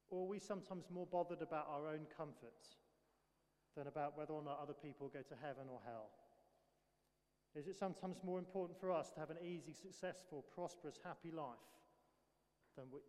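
An earnest male preacher with a fairly high voice delivers a sermon and keeps putting rhetorical questions to his listeners. His voice rings out through a large church hall, trailing a long reverb. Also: a little mellow.

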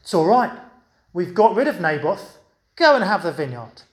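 Man playing a brisk, ruthless queen, high voice, echoey church. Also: sing-song. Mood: smug. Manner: brisk, commanding. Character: scheming queen, adult woman, ruthless.

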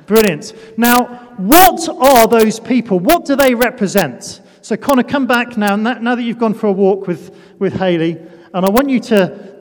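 A man's voice: high-pitched, slight background noise. A man preaching a sermon with a children's demonstration in a church hall. He talks playfully, pokes fun at himself and calls up volunteers.

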